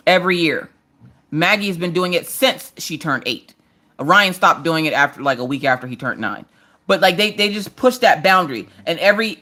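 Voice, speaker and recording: A woman in her thirties hosts a casual live stream, telling stories as she works on a craft project and acting out quotes in different character voices. Her chatty voice is on the low side with a fairly bright tone.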